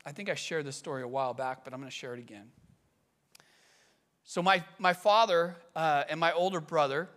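A pastor from the Bay Area giving a conversational sermon, telling stories with animated swings between loud emphasis and quiet asides. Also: male voice, a little high, brisk. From California Bay Area.

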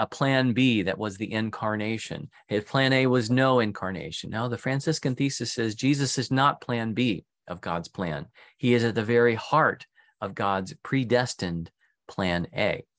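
A Franciscan priest giving a recorded retreat talk, speaking in an earnest preaching cadence with frequent pauses and "uh" fillers. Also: male voice, medium pitch, a bit bright. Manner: earnest preaching cadence, builds lists of phrases.

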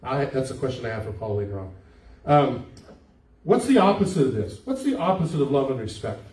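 A warm-voiced older man preaches a little fast, very animated, at a medium pitch. As pastor, he gives a conversational sermon and asks the congregation questions, captured in an echoey church sanctuary by a mic placed far off.

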